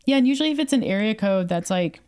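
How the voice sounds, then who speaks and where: A woman's voice: mid-range voice, expressive, fast talker, darkish tone, smooth. A young adult woman from Canada, co-hosting a podcast and telling a story in casual chat, acting out quoted dialogue with lots of fillers. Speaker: podcast co-host.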